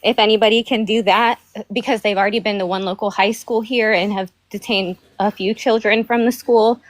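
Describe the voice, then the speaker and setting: Upset woman caller, urgent and halting. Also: mid-range voice, fairly even intonation, no echo. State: upset, near tears. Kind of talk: phone-in call. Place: North Carolina.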